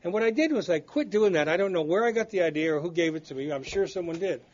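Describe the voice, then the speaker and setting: A man's voice: sits high, animated, fast talker, darkish tone. Blunt, candid older man telling stories. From United States. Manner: candid storytelling, blunt and self-deprecating. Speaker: recovery study speaker. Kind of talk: recovery meeting talk. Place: meeting room. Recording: dull lo-fi recording.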